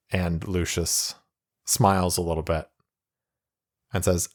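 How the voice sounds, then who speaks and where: A man narrating a solo tabletop role-playing game in a relaxed way, thinking aloud and reading rules. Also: sits low, slow, long pauses.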